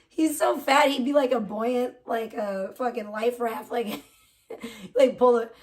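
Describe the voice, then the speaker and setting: A woman livestreaming, ranting casually with lots of swearing and laughter, mocking someone. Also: on the high side.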